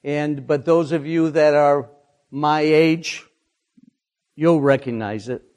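An older man giving a devotional talk, halting with many fillers, lingering over phrases and asking listeners to repeat after him. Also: on the high side, fairly even intonation, darkish tone. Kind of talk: devotional talk with psalm reading.

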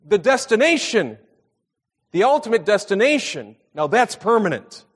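A man's voice: high voice, big pitch swings, normal speed, fairly bright tone, breathy edge, long reverb tail. A middle-aged man preaching a sermon in a church meeting room, mixing casual storytelling with scripture and repeating key points for emphasis. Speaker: pastor.

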